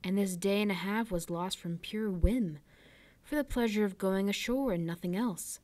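A woman reading a classic novel aloud for a library storytime, with measured, clear narration. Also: medium pitch, a little mellow, no echo.

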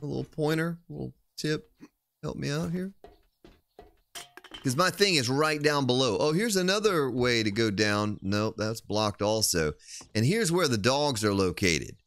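Lively, bright-voiced male game streamer. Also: mid-range voice, unhurried. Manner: playful, joking while reading chat. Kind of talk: casual live-stream chat.

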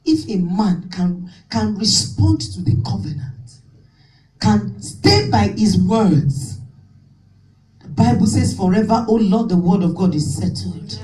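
A woman's voice: mid-range voice, animated, slow pace, darkish tone, faint music behind. A woman pastor preaching a fervent sermon, repeating her points and calling out to the congregation. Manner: fervent, repetitive preaching with call-and-response. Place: church hall. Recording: echoey hall, distant mic.

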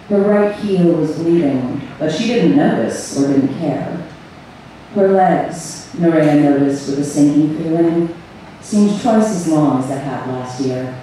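Brief: woman reading her story live, slow and measured, captured from far off in an echoey room. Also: low voice, dark tone, a little hiss or hum. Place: event room on a cruise ship. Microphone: far audience camera. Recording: echoey hall recorded from far off.

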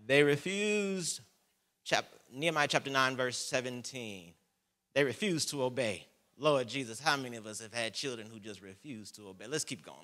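A man preaching a sermon as pastor, reading scripture with slow emphasis and calling on the congregation to repeat words. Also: mid-range voice, pushed and bright.

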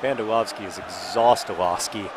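A man casually commenting while playing a video game, rambling and restarting sentences, with sudden excited outbursts. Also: lowish voice, normal speed, crowd noise, background noise. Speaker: video host.

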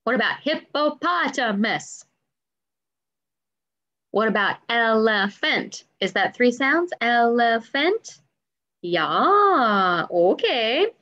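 A woman's voice: on the high side, very animated, slow pace, pushed and bright, lo-fi sound. A woman music teacher giving an online lesson to young children, drawing out words in a sing-song way and asking lots of encouraging questions.

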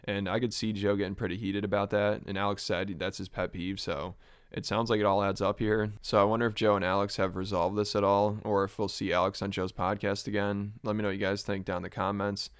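A man as a YouTube commentator, giving a calm, plain recap in scripted commentary. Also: on the low side, fairly quick, smooth, no room sound, studio quality.

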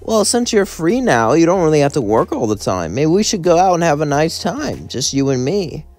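A man's voice: fairly high pitch, very animated, normal speed, darkish tone, dry recording, faint music behind, voice pushed up. A man voicing a playful, flirty male spider demon with a teasing, sing-song delivery.

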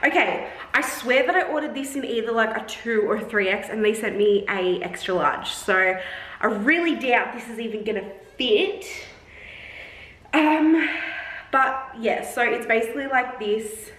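Woman, 20s, vlogger. Chatty, exasperated, unhurried delivery; echoey room, mic at a distance. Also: a little high, a bit bright. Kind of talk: casual try-on haul vlog.

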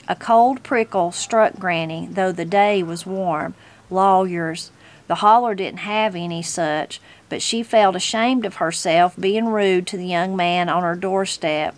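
Woman reading a mountain storybook aloud. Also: on the low side. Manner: steady, unhurried narration. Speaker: host reading a book aloud.

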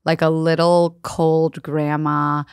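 A woman in her thirties co-hosting a comedy podcast, teasing and expressive. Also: sits low, smooth, no echo, studio quality. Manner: teasing, expressive, quick asides. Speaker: podcast co-host. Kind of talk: casual comedic chat.

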